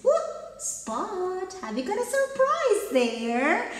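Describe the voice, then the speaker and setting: A young woman leads a children's storytime in a high, lively voice, drawing out every word and turning phrases into little tunes to coax the kids along. The sound bounces around an echoey room with a long, ringing reverb. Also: very slow. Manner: sing-song, exaggerated, coaxing children to join in. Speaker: children's English teacher. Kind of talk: bilingual storytime read-aloud for kids.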